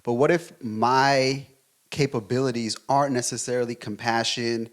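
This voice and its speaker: A man co-hosting a relationship podcast, debating his partner in a fast, emphatic way and swearing freely. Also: medium pitch, fairly even intonation. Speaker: podcast co-host.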